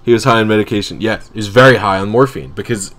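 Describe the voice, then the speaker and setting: A man with a fairly low voice rambles through a funny story on his stream. He corrects himself constantly and breaks into laughter along the way. The tone stays casual and chatty. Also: fast, a bit bright.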